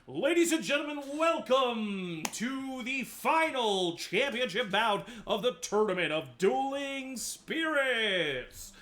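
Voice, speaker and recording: A man voicing a male tournament announcer who calls out fighters with showy, drawn-out hype. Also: very high voice, animated, pushed and bright, slight background noise, pitched above the performer's own voice, heavily acted. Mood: hyping.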